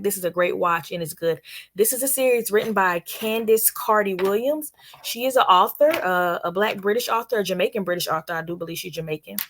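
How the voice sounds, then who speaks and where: A woman's voice: mid-range voice, fairly bright tone. Chatty woman reviewing a TV series. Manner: chatty, addresses viewers directly. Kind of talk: casual spoken review.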